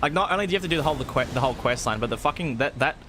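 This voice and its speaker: A man's voice: mid-range voice, lively intonation, racing, noisy background. Crude joking man gaming. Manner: crude, joking, trailing restarts. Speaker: streamer playing co-op with friends. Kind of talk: casual gaming banter.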